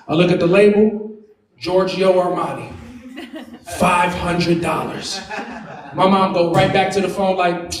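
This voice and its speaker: A young man doing brash, animated stand-up storytelling, swearing freely. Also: high voice, normal speed. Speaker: stand-up comic. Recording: roomy club sound from a distance. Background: laughing crowd.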